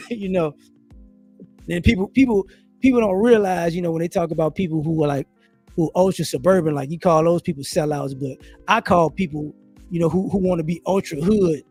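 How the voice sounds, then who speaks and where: A live-stream host with a husky voice on the high side talks a little fast, recounting stories and offering opinions while acting out others' lines. Faint music plays behind his animated, casual commentary, picked up by a home streaming mic.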